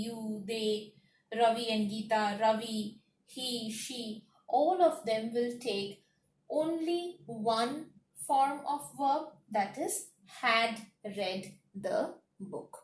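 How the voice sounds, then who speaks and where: A woman teaching a grammar lesson, slowly listing words one by one and repeating her points. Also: fairly high pitch, recorded from a distance, a little hiss or hum. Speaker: English teacher. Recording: echoey room, voice off-mic.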